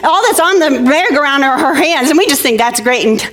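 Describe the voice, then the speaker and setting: A woman giving a talk, telling a childhood story in an animated way and acting out the children's voices. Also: high-pitched, brisk. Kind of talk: storytelling presentation.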